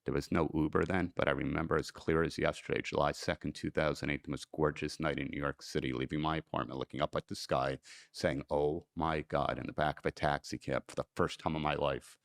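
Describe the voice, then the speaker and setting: Very deep gravelly man telling his story. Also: level tone, fast, no echo, studio quality. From United States. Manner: earnest, emotional storytelling. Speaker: podcast guest. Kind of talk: personal story in an interview.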